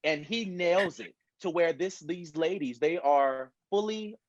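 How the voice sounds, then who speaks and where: A man on a panel, chatting in an animated, storytelling way over a video call. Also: fairly high pitch, measured pace, dry recording, dull audio. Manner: animated, storytelling, often says "literally". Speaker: actor on a fan convention panel. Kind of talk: casual panel chat.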